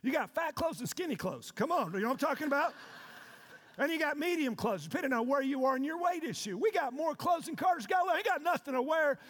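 Pastor man yelling a sermon, high voice swinging all over, big echoey church. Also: animated, quick pace. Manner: preaching with loud shouted call-and-response. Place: church sanctuary. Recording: long reverb of a large hall.

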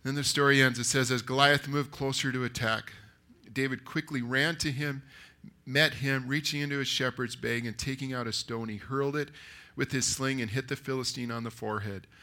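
A man preaching a sermon that retells a story, lively and acting out the characters' lines. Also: mid-range voice, moderate pace. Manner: animated, acts out the characters. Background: live audience.

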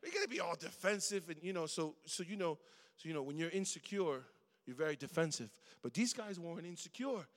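A middle-aged man delivers a sermon in a casual, conversational way, often pausing to call on the young crowd for a response. His voice sits high for a man. It rings with the long reverb of a large church hall. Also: animated. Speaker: guest preacher at a youth service.

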